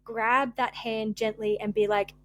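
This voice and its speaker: Young female podcast host, raw and near tears, rambling heartfelt delivery with a higher voice and a close, dry sound. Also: level tone, measured pace, dry recording. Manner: rambling, open-hearted, frequent fillers and restarts. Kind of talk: candid spiritual podcast monologue.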